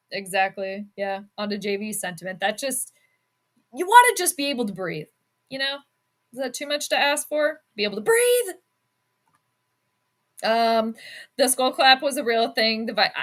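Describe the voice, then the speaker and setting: Her voice sits in the mid-range and has a sharp tone. As host of a casual livestream about sports and astrology, she chats, giggles at viewer comments and leans heavily on fillers.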